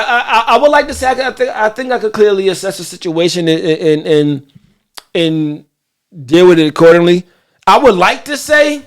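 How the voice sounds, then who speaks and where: Man, high voice, podcast co-host, casual banter, profane, animated storyteller. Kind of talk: casual talk-show banter.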